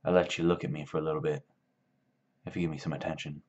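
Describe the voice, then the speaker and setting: A man's voice: very deep voice, level tone, quick pace, a little mellow. A man doing a flirty, coaxing ranch wife. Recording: dull lo-fi sound.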